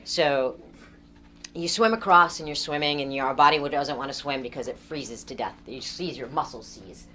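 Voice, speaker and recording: Low-voiced woman telling a lively story. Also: normal speed, slight background noise. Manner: animated, laughs often while telling the story. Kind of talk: casual storytelling.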